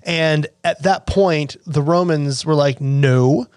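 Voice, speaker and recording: A man's voice: fairly high pitch, fairly even intonation, takes it slowly, no room sound, clean studio sound. Chatty man hosting a wine podcast. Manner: chatty and self-deprecating, with asides and apologies. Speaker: podcast host. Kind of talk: casual educational podcast.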